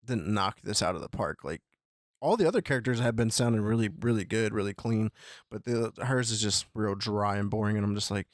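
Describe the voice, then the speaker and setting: A man hosting a casual gaming podcast, speaking candidly in a relaxed way. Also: fairly low pitch, no room sound, studio quality. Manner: relaxed, candid, quick-spoken. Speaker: podcast host.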